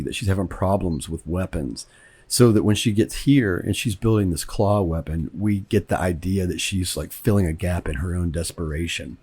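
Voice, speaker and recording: A man from Kentucky talks through his own film as its director, in a relaxed, rambling way. He often repeats a word while he gathers his thoughts. His voice sits very low and has a slightly husky grain. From Kentucky, United States. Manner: rambling, conversational, repeats words as he thinks. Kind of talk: director's commentary.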